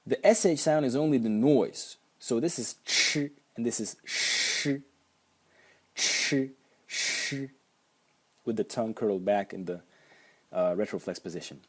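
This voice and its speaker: A man's voice: lowish voice, brisk, warm tone, slightly rough. A man teaching pronunciation at a whiteboard, patiently repeating sounds for the learner. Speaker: language teacher.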